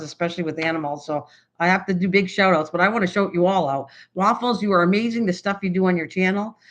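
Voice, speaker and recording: An older Canadian-accented woman with a fairly low pitch hosts a craft channel, chatting casually on a live stream. Hyper and excited, she rambles with lots of fillers and restarts.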